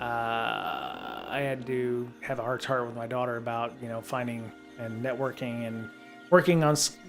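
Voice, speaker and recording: Man, middle-aged, live-stream host, reads a book aloud then rambles with lots of ums, faint guitar music behind. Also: medium pitch. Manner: reads text steadily, then digresses in loose chat with many ums.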